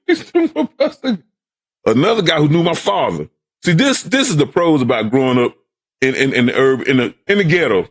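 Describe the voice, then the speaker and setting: A man's voice: mid-range voice, sing-song, a little fast. An older man from Brooklyn, a podcast guest telling stories in casual talk, often repeating words and putting on voices for the people he quotes. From Brooklyn, New York. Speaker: guest, host's father. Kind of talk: storytelling in casual conversation.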